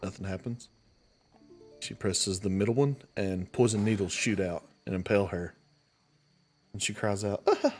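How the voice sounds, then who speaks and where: A man narrating a tabletop game as game master in a measured, unhurried way. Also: lowish voice, fairly even intonation, soft background music.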